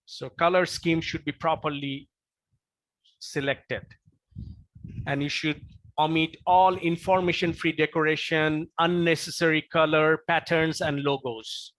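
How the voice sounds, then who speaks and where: A man's voice: on the high side, steady tone, measured pace, fairly bright tone, no echo, low-quality recording. A man lecturing as a professor, earnest, repeating key points with frequent fillers and restarts. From Bangladesh. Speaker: professor giving a training lecture.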